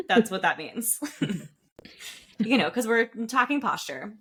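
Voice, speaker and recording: A woman co-hosting a casual podcast, playful and giggly, rattling off stories quickly. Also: on the low side, pushed and bright. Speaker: podcast co-host and choir teacher.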